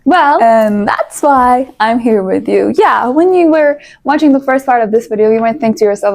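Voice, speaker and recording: Young female vlogger, high pitch, lively advice-giving talk with playful asides. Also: normal speed, hardly any pauses. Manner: animated, coaching, playful asides. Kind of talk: casual advice talk to camera.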